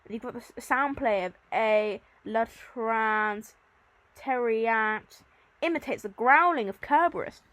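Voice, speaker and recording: A woman teaching a recorded Latin lesson, reading verse lines slowly and then explaining them in plain, chatty terms. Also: a little high, expressive, fairly bright tone, no room sound.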